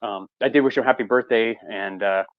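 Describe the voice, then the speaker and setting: A man's voice: on the low side, a little fast, dry recording, phone-quality sound. A man from Canada chatting casually as a guest on a live beer stream, hesitant and apologetic with many restarts. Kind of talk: casual chat.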